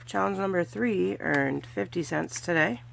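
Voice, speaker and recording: This California woman's voice is on the low side, creaky, and a little slow, with a bit of hiss or hum in the recording. Narrating her budgeting video informally as she does cash challenges, she chats, counts money aloud, and cheers softly.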